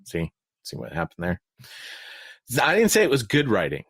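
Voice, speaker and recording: A man's voice: huge pitch swings, moderate pace, a bit bright, husky, dry recording. An American man hosts a laid-back sports podcast, his voice swinging up and down as he cracks jokes and reads stats from a sheet. The sound is close and dry. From United States. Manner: jokey, reads stats off a sheet, often trails off lower. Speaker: podcast host. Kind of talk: casual sports podcast chat.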